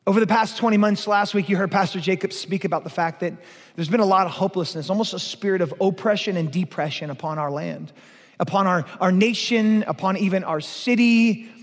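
Male pastor, emphatic sermon delivery with playful asides; higher voice, long hall reverb. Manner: playful, emphatic preaching, slows way down on key lines.

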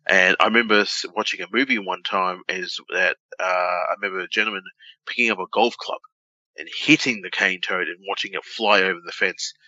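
An Australian man with a lowish, very bright, forceful voice, talking loosely and with some swearing as he co-hosts a podcast. The recording is dry and a bit dull, like a lo-fi home setup. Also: fairly even intonation, brisk, no room sound. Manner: loose and profane, restarts often. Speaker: podcast co-host. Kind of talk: casual chat, reading a news story aloud.

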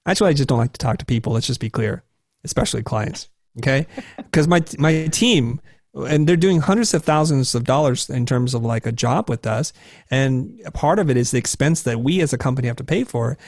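A man in his forties tells candid stories about himself with self-deprecating humor. He is animated, and his voice leaps up high and squeaky whenever he quotes his nervous younger self. The recording is dry and close, with no room sound. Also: brisk, dry recording. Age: 40s. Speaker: guest. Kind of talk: candid conversational storytelling.

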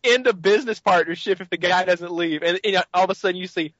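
A man co-hosting a casual podcast chat, telling animated stories and acting out his friends yelling. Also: high-pitched, fast talker, no room sound, highs cut off. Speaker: podcast co-host.

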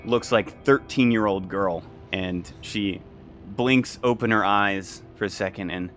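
A man running a tabletop game as game master, narrating in a halting way with lots of fillers. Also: on the low side, fairly bright tone, faint music behind.

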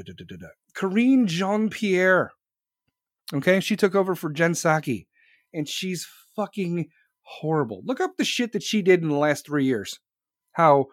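A man's voice: a little high, no room sound, clean studio sound. A man hosting a podcast, ranting solo in a profane, sarcastic, heated way. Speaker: podcast host.

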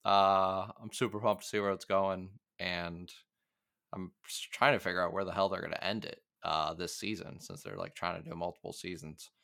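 A man co-hosting a podcast, chatting casually and laughing through quick asides. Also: deep voice, creaky, pushed and bright, dry recording, clean studio sound. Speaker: podcast co-host.

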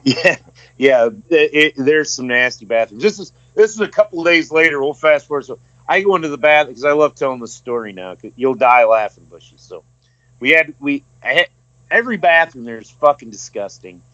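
A man's voice: on the high side, animated, pushed and bright, dry recording, highs cut off. A man co-hosting a podcast, telling travel stories casually with swearing and many ums and uhs. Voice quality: profane, halting with fillers. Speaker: podcast co-host. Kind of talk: casual storytelling.

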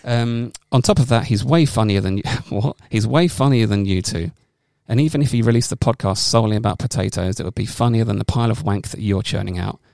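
A man's voice: fairly low pitch, fairly quick, vocal fry, few pauses, darkish tone, dry recording, studio quality. A man co-hosting a podcast, joking crudely and swearing freely in casual banter. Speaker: podcast co-host.

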